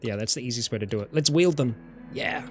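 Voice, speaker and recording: Over soft background music, this New Zealander talks fairly quickly in an animated, mid-range voice with his New Zealand accent. He's live streaming a survival game, casually commenting and chatting with his viewers.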